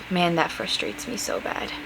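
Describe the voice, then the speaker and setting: Young woman host, casual exasperated monologue, mid-pitched, faint background hiss. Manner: heated, exasperated, many fillers and rhetorical questions. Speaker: podcast host.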